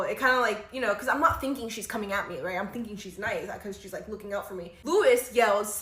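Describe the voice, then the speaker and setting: Chatty young woman, high voice, echoey room. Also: fairly quick, few pauses. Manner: animated, chatty, lots of "like" and bursts of laughter. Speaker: storyteller. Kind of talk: casual story time.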